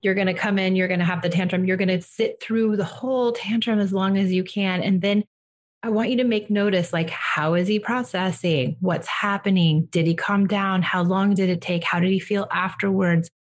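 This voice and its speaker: A middle-aged woman coaching a parent in a casual chat, reassuring and practical, sometimes acting out gentle words to a child. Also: medium pitch, steady tone, normal speed. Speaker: parenting coach and podcast host.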